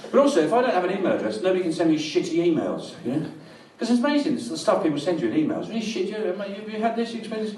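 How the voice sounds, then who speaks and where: A middle-aged man from England doing a live stand-up set, rambling and deadpan, in a small comedy venue. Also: high-pitched, a little hiss or hum. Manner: dry, rambling, deadpan with crowd laughter. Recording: roomy live venue, distant mic.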